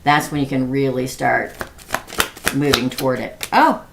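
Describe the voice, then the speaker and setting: Low gravelly-voiced woman reading tarot. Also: fairly even intonation, measured pace, background noise. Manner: chatty, laughs often, talks to viewers by name. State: prone to losing her voice. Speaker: tarot reader. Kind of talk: live-stream tarot reading.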